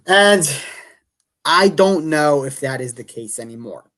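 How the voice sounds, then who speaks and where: A man's voice: medium pitch, lively intonation, moderate pace, fairly bright tone. A man hosting a casual sports talk show. He is an opinionated fan who thinks aloud, corrects himself, and reads statistics off the screen.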